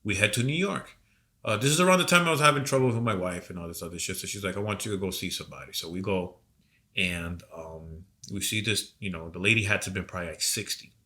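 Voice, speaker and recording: Guy on a podcast with a cold, kinda low but bright sharp voice, swearing a lot and rambling through a story. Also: fast. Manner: profane, rambling, animated storyteller. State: coming down with a cold. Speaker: podcast co-host. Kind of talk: casual storytelling chat.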